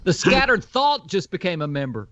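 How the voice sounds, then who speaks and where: A man's voice: high voice, big pitch swings, moderate pace, a bit bright, dull audio, slight background noise. A man co-hosting a livestream, throwing in wisecracks. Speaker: co-host. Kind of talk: casual chat.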